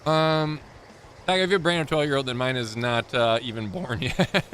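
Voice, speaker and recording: A man's voice: mid-range voice, moderate pace, a bit bright, a little hiss or hum. A young man streaming a video game live, joking crudely and rambling as he plays. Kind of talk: live gameplay commentary.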